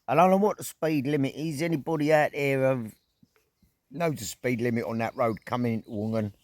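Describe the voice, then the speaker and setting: At an evening camp outdoors, a middle-aged man vlogs a story in a casual, animated style packed with slang, swearing and sound effects. He talks briskly at medium pitch, with no room sound.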